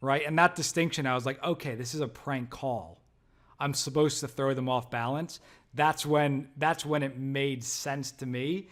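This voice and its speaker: A man sharing his training experience in casual conversation, reflective and halting. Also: medium pitch, steady tone, fairly bright tone. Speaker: sales trainee.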